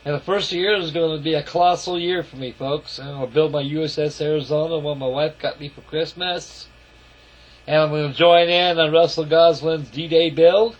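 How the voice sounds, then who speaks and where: In a steady tone at normal speed, a man with a higher-leaning voice walks around his scale model, chatting in a folksy, wandering way and addressing folks watching. The sound is lo-fi camera audio.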